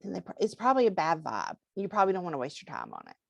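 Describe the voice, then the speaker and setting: Guest, woman, bubbly and encouraging, very expressive pitch, dry close sound. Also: racing, gravelly, dry recording. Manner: bubbly, animated, encouraging, laughs often. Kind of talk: casual interview chat.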